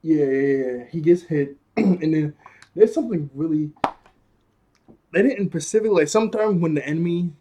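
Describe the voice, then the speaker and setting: A man's voice: a little high, normal speed, background noise. A young man casually recapping a cartoon episode, laughing often and talking in loose slang with lots of fillers.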